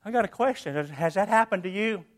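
An older man preaching a sermon, emphatic and repetitive, swinging between loud declarations and hushed lines. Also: high voice, expressive, fast.

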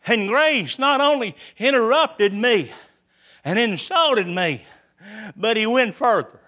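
Bright, high-voiced folksy preacher man. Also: expressive, slow pace. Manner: folksy, repetitive storytelling. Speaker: preacher giving his testimony. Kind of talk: sermon testimony.

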